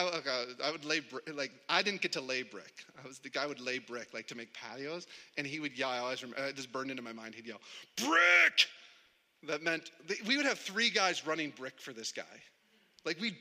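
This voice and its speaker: A man's voice: a little high, expressive, brisk, pushed and bright. A man preaching a sermon in a conversational way, often repeating words as he starts a sentence. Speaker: pastor. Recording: long hall reverb.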